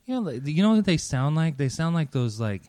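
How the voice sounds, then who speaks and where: A man's voice: big pitch swings, brisk, dark tone, no room sound. A man co-hosting a podcast, talking in a casual, profane, joking way. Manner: profane, joking, mocks singers in a crooning falsetto. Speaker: podcast co-host. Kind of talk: casual chat.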